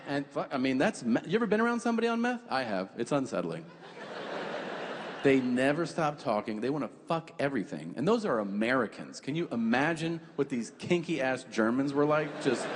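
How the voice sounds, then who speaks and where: A man in his forties doing a stand-up comedy set, telling stories with profanity and quick voices for the people in them. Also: mid-range voice, long reverb tail, background noise. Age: 40s. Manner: animated, profane storytelling with quick put-on voices.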